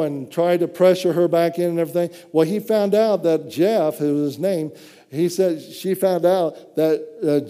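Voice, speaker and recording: High-voiced man preaching in a hall. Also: warm tone. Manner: fervent, exclaiming praise between phrases. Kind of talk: sermon.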